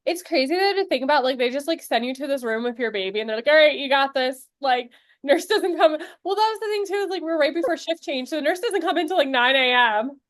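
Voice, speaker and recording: A young woman, a new mother and podcast co-host, chats casually and laughs as she tells stories. Her voice sits high with lively intonation and a fast pace, recorded in clean studio sound without echo.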